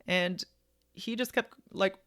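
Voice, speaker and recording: A woman's voice: mid-range voice, takes it slowly, fairly bright tone. A woman hosting a podcast, speaking in an encouraging, emphatic, colloquial way as she urges listeners to take action. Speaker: podcast host. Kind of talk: motivational podcast monologue.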